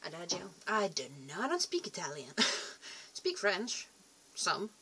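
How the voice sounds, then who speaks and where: A woman's voice: on the low side, huge pitch swings, measured pace, sharp tone, slightly rough. A young woman rambling casually to camera in a vlog, chatty and self-deprecating, often trailing off and restarting. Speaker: vlogger.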